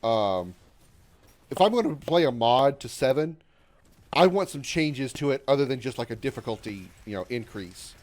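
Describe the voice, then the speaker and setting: A man's voice: medium pitch, lively intonation, normal speed. A man in his thirties casually chatting with viewers on his gaming livestream, sarcastic and swearing, reading chat aloud and yelping when his character is in danger. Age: 30s. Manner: yelps loudly when in danger in the game.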